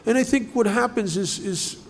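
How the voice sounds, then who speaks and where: At a recovery group study, a man with a high voice speaks at a moderate pace. His recovery talk is conversational and packed with rhetorical questions.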